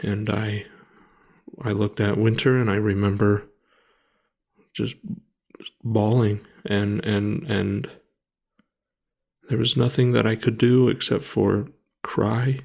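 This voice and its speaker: A man in his thirties, a podcast co-host, telling a personal story in a halting, grieving way with many restarts and pauses. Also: fairly low pitch, vocal fry, a little mellow.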